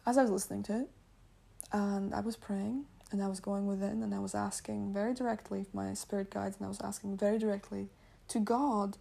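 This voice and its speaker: A woman's voice: mid-range voice, steady tone, brisk, gravelly, warm tone. A woman whose first language is not English, hosting a podcast and talking in a chatty, rambling way, laughing often and correcting herself. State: tired. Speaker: podcast host. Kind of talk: casual spiritual podcast monologue.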